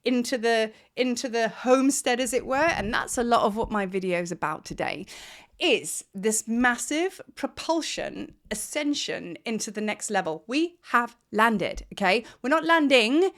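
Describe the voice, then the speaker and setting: A middle-aged woman teaching spiritual ideas in a loose, chatty vlog, seated at her desk at home. Her voice sits a little high, and she stacks repeated words for emphasis with real enthusiasm. The talk is casual and direct, as if to friends. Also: animated, moderate pace.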